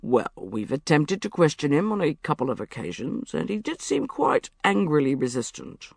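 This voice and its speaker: A narrator voicing a male police inspector who speaks in a calm, reassuring way. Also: medium pitch, moderate pace, vocal fry, breathy edge, no room sound, studio quality, full character voice. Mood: calm wry.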